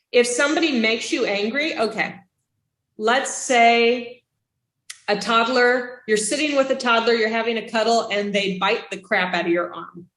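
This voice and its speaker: A woman instructor giving a casual classroom lecture, lively and chatty, acting out reactions with gasps and little voices. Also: fairly high pitch. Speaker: child development instructor. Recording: roomy classroom echo.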